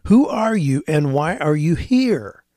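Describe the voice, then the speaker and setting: Guy doing a young roman guard, stern, high sharp shouts. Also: very animated, slow pace, no room sound, clean studio sound. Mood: challenging.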